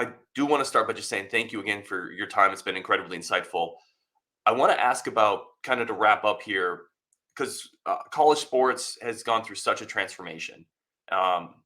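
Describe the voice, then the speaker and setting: Bright-voiced polite podcast host. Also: male voice, on the low side. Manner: polite, effusive thanks. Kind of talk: interview questions.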